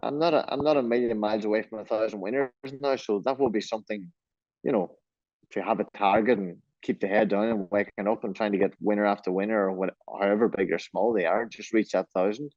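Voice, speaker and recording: A low-voiced man with an Irish accent from Donegal chats loosely and self-deprecatingly, restarting his sentences as he goes. The sound is dry and dull, like lo-fi call audio. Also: steady tone, fast talker, darkish tone, dry recording. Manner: easygoing, rambling, self-deprecating, many restarts. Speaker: jockey. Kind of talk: remote interview, casual chat.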